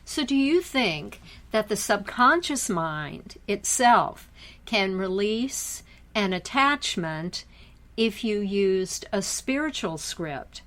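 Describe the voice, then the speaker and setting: A woman co-hosting a podcast, a hypnotherapist telling stories from her own sessions in a measured, reflective way. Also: mid-range voice, big pitch swings, fairly bright tone. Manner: thoughtful storyteller, measured and reflective. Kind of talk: casual podcast chat.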